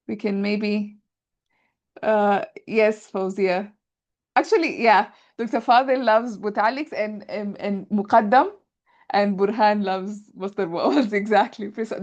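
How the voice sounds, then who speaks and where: A woman's voice: mid-range voice, a little mellow, muffled recording. A woman teaching Arabic grammar in an online class, explaining patiently step by step with examples over a video call.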